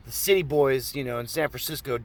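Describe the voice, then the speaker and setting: A man from Oregon casually telling a personal story in a rambling, profane, animated way. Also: mid-range voice, a little fast.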